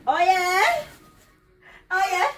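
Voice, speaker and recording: A woman, talking in lively, sing-song patois in a comedic phone-call skit. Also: very high voice, drawn-out words, distant mic, soft background music.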